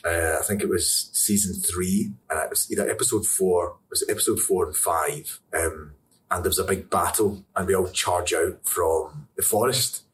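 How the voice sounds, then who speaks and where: A young Scottish man with a fairly low voice talks in a loose, rambling way and laughs as he goes. The mic sits back from him, with a faint room hum underneath. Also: normal speed. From Scotland. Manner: chatty, rambling, laughs often. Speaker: actor interviewee. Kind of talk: casual interview answers. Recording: distant mic with faint ambience.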